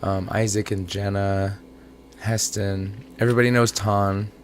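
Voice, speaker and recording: A man's voice: lowish voice, little pitch movement, measured pace. A man filling in as co-host on a casual podcast, chatty and teasing, laughing along with the host. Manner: chatty, teasing, easily amused. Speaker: guest co-host. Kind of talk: casual chat.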